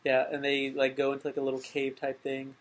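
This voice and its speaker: A man co-hosting a podcast, casually recapping a movie with lots of fillers and loud goofy impressions. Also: mid-range voice, monotone, a little fast, poor audio. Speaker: podcast co-host.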